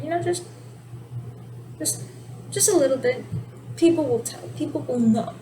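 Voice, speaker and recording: Woman teacher, high voice, casual explainer, steady noise behind her. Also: normal speed, long pauses. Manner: explanatory, relaxed, self-correcting. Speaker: sign language teacher. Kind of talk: casual video lesson.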